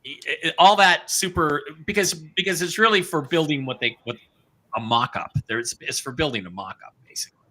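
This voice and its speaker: An older man hosting a live online show, chatting casually and rambling with halting restarts. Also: fairly high pitch, bright, forceful tone. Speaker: host.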